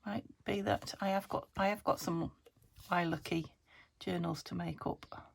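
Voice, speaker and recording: A British woman chatting casually as she crafts at home, rambling, thinking aloud and dropping into soft muttered asides. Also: lowish voice, a little slow, vocal fry. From United Kingdom. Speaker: craft vlogger. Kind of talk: casual chat while crafting. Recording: steady background noise.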